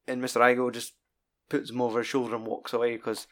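A Scottish man with a mid-range voice talks fast in a casual film chat, rambling, animated, and swearing often as he retells things.

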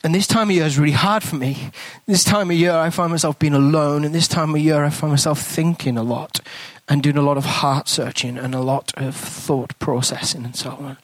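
A man's voice: fairly high pitch, a little fast, no echo. A man, a priest and guest speaker, telling a story in a sermon and acting out the conversations in it. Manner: animated storytelling, acts out dialogue, hushed in tender moments.

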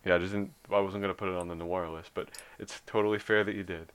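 A man co-hosting a casual chat, relaxed and opinionated, sometimes restarting his sentences. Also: low-pitched, fast talker, clear, resonant tone. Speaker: podcast co-host.

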